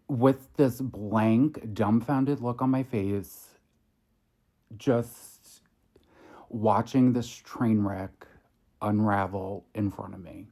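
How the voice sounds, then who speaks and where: A man tells a story to camera at a very slow, deliberate pace. His voice sits fairly low with a warm, mellow tone. He sounds measured and incredulous as he retells what happened. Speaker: makeup artist vlogger. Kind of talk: storytime vlog recounting an incident.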